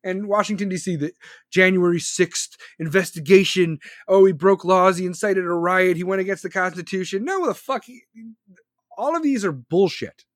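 A man in his forties with a fairly high voice, rambling bluntly through a profane political rant. The sound is dry and close, with no room around it. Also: normal speed, no room sound. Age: 40s. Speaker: podcast host.

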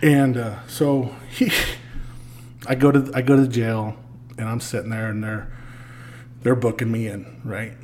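Animated man telling a rowdy story. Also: mid-range voice, unhurried, pauses often, slight background noise. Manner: animated, swears freely, acts out the people in his story. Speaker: podcast guest. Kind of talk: casual storytelling.

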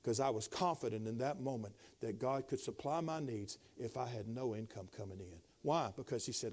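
A middle-aged man preaching a sermon as a pastor, dropping to quiet tones and then rising to loud exhortation. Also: mid-range voice, moderate pace, hardly any pauses.

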